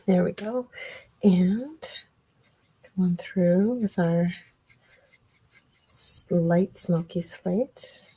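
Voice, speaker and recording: A woman giving a relaxed card-making tutorial, chatting and thinking aloud as she works. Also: fairly low pitch, extremely slow, long pauses, husky, poor audio. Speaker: craft demonstrator.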